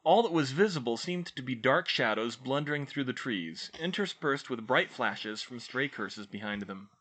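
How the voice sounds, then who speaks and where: A man reading fan fiction aloud as an expressive audiobook narrator. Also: mid-range voice, normal speed. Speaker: audiobook reader.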